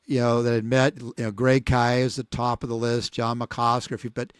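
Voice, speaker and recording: A man in his sixties, a podcast co-host telling a long story casually, rambling and animated, acting out what people said. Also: mid-range voice, normal speed, smooth, dry recording, studio quality. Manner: rambling, animated, acts out quoted voices.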